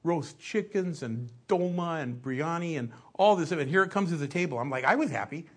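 A middle-aged man preaching, his voice a touch husky and breathy. He tells stories in a loose, conversational sermon style and acts out short asides along the way. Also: on the high side, animated, brisk, fairly bright tone. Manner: conversational storytelling with acted-out asides.

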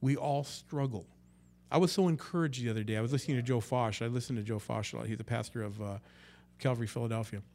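Male pastor, conversational sermon, mid-pitched voice, dynamic loud-soft delivery, acts out quotes. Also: fast talker. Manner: conversational, swings between loud and hushed.

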